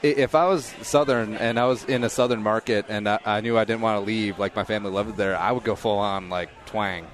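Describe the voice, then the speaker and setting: A middle-aged man hosting a podcast, chatting casually and cracking quick jokes. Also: on the low side, steady tone. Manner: joking, quick asides. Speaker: podcast host. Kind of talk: casual chat.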